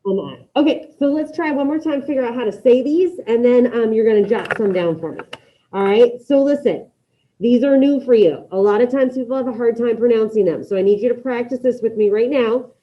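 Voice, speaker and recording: A woman teaches a Spanish lesson to a mixed room and online class, her voice sitting a little high. She gives brisk, directive instructions and repeats them. The audio is dull and lo-fi, like a classroom capture.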